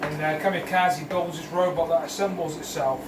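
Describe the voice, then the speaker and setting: High-voiced man swearing casually. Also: fairly even intonation, moderate pace. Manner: crude, swearing, joking. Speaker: co-host. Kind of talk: casual chat while cooking. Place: home kitchen. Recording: echoey kitchen, distant mic, noisy.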